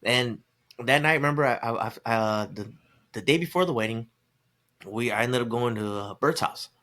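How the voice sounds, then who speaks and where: A young adult man chats casually on a podcast, rambling through a story. He acts out what others said and breaks into laughter between lines. His voice sits at a middling pitch. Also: normal speed, bright, forceful tone. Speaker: podcast guest.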